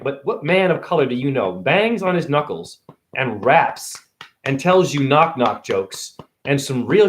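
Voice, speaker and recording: A man in a rambling live-stream monologue, full of rhyming wordplay and sudden jumps in pitch and pace. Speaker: self-styled spiritual teacher streaming live.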